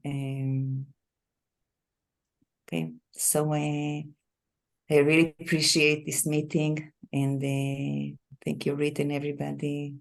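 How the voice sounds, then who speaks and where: A woman giving a soft, warm-hearted tribute on a video call, laughing now and then and repeating words. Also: low-pitched, little pitch movement, takes it slowly, vocal fry. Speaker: qigong student at a memorial meeting. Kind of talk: personal tribute.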